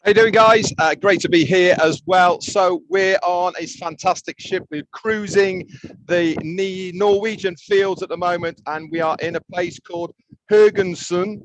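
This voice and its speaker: A man's voice: sits high, fairly even intonation, measured pace, slight background noise, low-quality recording. A man from the United Kingdom co-hosting a livestream from a cruise ship deck over a video call, talking cheerfully and loosely. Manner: cheerful, chatty, loose phrasing. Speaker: co-host. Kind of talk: casual livestream chat.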